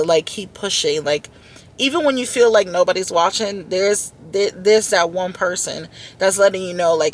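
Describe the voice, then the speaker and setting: A woman's voice: lowish voice, moderate pace. A woman vlogging from inside a car, talking in an earnest, heartfelt way and often repeating her words. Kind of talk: heartfelt self-talk vlog.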